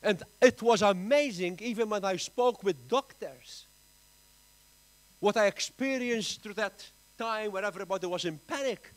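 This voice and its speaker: A Maltese pastor delivers a sermon at a slow, deliberate pace. His voice sits fairly high for a man, and his emphatic preaching rises loud and falls soft again and again. It is recorded in a church. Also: poor audio. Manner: emphatic preaching with big swings in pitch and loudness.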